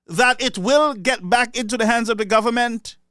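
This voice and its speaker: A man's voice: very high voice, moderate pace, sharp tone, clean tone, dry recording, studio quality. A man with a Saint Lucian accent giving an impassioned political speech, sarcastic and mocking. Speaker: political commentator.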